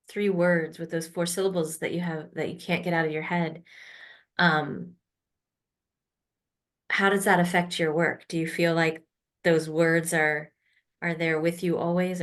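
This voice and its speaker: A woman interviewer asking a curious, halting question of her guest. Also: fairly low pitch, steady tone.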